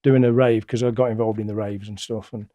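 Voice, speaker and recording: A middle-aged man, a guest telling stories in a blunt, colloquial, animated way. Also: lowish voice, a little fast, dry recording. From England. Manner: blunt, colloquial, animated retelling with acted-out quotes. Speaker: interview guest. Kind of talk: casual storytelling.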